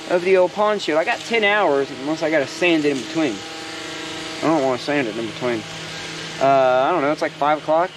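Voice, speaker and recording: A man's voice: a little high, fairly quick. A man, rambling casually about his backyard project and joking as he goes. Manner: rambling and joking, given to side rants. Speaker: DIY maker vlogger. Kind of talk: casual workshop chat. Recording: outdoor ambience with noise.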